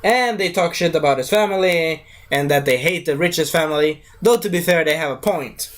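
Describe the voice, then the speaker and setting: A man's voice: a little high, a little fast. A man casually reviewing a show, rambling and joking as he retells scenes.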